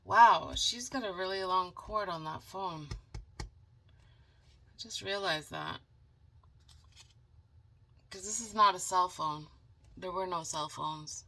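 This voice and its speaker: A woman reading a picture book aloud as a channel host, dramatic and animated, stopping for chatty asides to viewers. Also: on the low side, slow pace, pauses often. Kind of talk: storybook read-aloud with asides.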